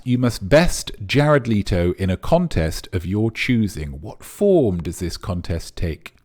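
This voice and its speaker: Deep-voiced pompous man hosting a quiz. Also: very animated, a little slow, few pauses, a little mellow. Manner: pompous, rambling, mock-serious. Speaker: quiz host. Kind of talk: comic live-stream quiz hosting.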